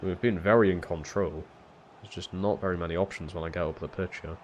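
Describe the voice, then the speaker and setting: Low-voiced man muttering over gameplay. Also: fairly even intonation, brisk, a little hiss or hum. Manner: swears freely and swings from low muttering to shouting at big moments. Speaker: streamer playing a football video game. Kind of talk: live gameplay commentary.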